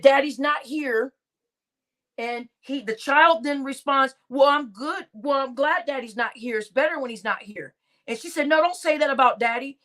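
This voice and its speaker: A woman doing casual live-stream commentary, animated and exasperated, stammering through restarts and talking to her chat. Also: high voice.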